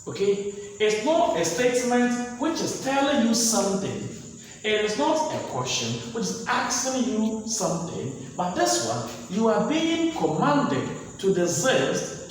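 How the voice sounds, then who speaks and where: Lively male teacher in an echoey room. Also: high-pitched, unhurried, slight background noise. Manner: repetitive, quizzing with "what?" and "okay?"; lively, voice rising sharply on example commands. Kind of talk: classroom grammar lesson. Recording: roomy echo, mic far off, faint outdoor ambience.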